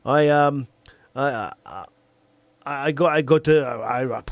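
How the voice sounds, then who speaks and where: A man hosting a call-in talk show, giving his opinions in a monologue. He often repeats words while searching for the next one and acts out imagined callers in quick back-and-forth. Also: mid-range voice, dry recording.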